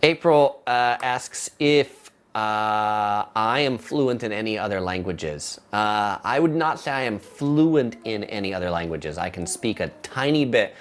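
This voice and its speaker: A Southern California man in his thirties with a lowish voice hosts a casual live stream. He answers viewer questions in a relaxed, halting way, full of fillers.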